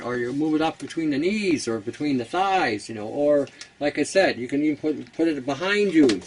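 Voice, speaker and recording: A man's voice: medium pitch, distant mic, poor audio. Canadian guy rambling on his channel, blunt, laughs at his own jokes, bit of hiss behind. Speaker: host. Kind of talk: casual instructional talk.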